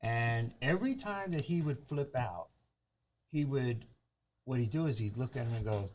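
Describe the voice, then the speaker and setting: A man chatting casually as a movie reviewer, retelling a plot with lively acted-out quotes. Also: medium pitch, normal speed, slight background noise. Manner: animated storyteller acting out characters' lines.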